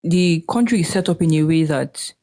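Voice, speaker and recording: A woman's voice: sits low, normal speed. A young Nigerian woman co-hosting a podcast in casual chat, laughing often and acting out the people she quotes. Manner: laughing, animated storyteller who acts out quotes. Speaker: podcast co-host.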